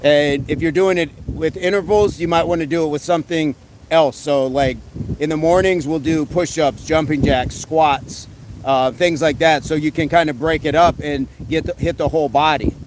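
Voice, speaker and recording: A man hosting a casual live stream, reading comments aloud and giving quick fitness tips in a relaxed way. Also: a little high, noisy background. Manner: relaxed, answers chat questions with quick tips.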